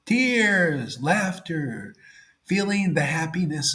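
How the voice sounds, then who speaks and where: A man giving a devotional sermon in a casual way, saying 'see' and 'man', and swinging between loud emphasis and near-whispers. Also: sits high, a little slow, echoey room. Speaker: spiritual teacher.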